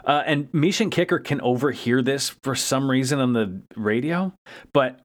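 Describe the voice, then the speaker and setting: A man's voice: mid-range voice, normal speed. Man gleefully recapping a cartoon episode. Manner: animated, acts out characters' lines in funny voices. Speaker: podcast co-host. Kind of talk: casual recap chat.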